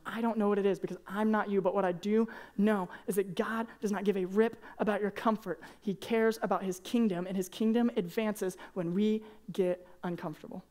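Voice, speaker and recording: A young man preaching a casual, earnest sermon to high school students, peppering his talk with "man" and "like". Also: fairly even intonation, a little fast, hardly any pauses, a little mellow. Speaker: youth pastor. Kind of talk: youth sermon.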